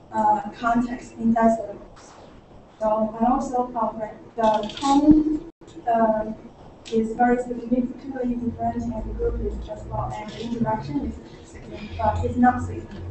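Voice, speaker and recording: Woman presenting in an echoey lecture room. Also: fairly high pitch. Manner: hesitant, many fillers and restarts. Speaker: conference presenter. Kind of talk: academic talk presenting results. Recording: echoey room, far from the mic, noisy.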